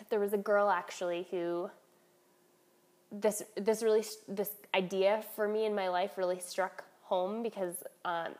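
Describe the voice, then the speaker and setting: A woman in her thirties talks in a loose, candid way, as if sharing with friends on a podcast. She tells everyday stories with many fillers and restarts, and her voice sits in a middle pitch. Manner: candid, storytelling, with frequent fillers. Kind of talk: casual chat.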